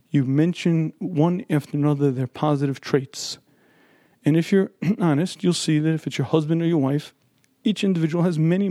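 A man giving an earnest, emphatic Torah lecture who keeps clearing his throat. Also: fairly high pitch, warm tone, dry recording. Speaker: religious lecturer.

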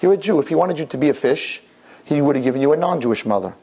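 Older male rabbi, husky and a touch high-pitched, animated storyteller for a sermon. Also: racing. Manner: animated, jumps into high excited voices.

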